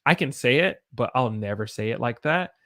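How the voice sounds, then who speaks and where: A man's voice: medium pitch, lively intonation, moderate pace, sharp tone, no room sound. A man with an American accent giving a casual livestream English pronunciation lesson, repeating words to demonstrate them. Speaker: English teacher.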